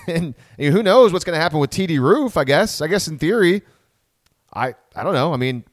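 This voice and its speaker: A man's voice: fairly high pitch, lively intonation, no room sound, studio quality. A man hosting a casual sports podcast, rambling and correcting himself as he talks through the team. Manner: rambling, self-correcting, quick asides. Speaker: podcast host.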